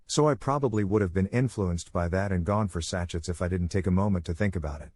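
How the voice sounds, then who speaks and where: A man narrating a string of online comments in a steady scripted read. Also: sits low, no echo. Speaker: narrator reading reddit comments.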